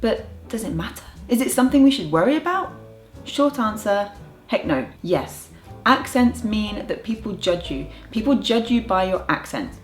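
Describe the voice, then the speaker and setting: A woman's voice: mid-range voice, expressive, moderate pace. A young woman with an English accent, a language coach talking playfully to camera in a casual vlog with dry jokes. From United Kingdom. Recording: echoey room with faint music.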